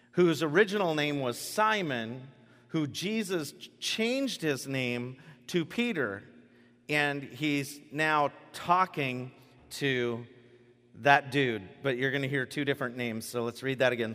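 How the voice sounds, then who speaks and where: A pastor giving a sermon with lively, animated delivery that swings between hushed reflection and loud emphasis. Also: male voice, medium pitch. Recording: long reverb of a large hall.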